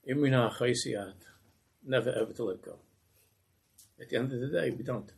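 A man telling a Hasidic story as a sermon, animated and acting out the voices. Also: mid-range voice, moderate pace, creaky, slightly rough, poor audio.

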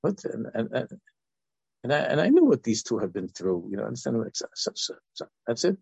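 Gravelly older man giving an informal talk. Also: medium pitch, sing-song, fairly quick, a little mellow, no room sound, muffled recording. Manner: rambling, with many restarts and asides.

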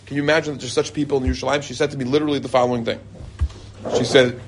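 Racing along over a slight hiss or hum, a man living in Israel tells a group lively stories laced with religious teaching. Quotes come out in a high, excited voice, and he chuckles and restarts mid-sentence as he goes.

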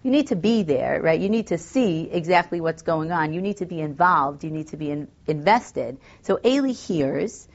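A woman's voice: low-pitched, expressive, normal speed, hardly any pauses, highs cut off. A woman teaching a text study class, thinking aloud with fillers and reading Hebrew verses. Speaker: Torah teacher.

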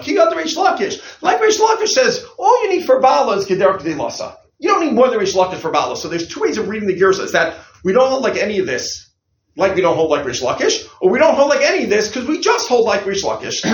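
Man, rabbi teaching a class, high voice, very lively pitch, roomy classroom echo. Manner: animated, questioning, keeps asking the class. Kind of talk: halacha study lecture.

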